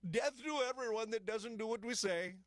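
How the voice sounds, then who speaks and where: A talk-radio host doing a comic impression of a blustering male Iranian leader, using a put-on Persian accent and shouting slogans. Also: high voice, normal speed, dry recording, clean studio sound, pitched above the performer's own voice. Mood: menacing.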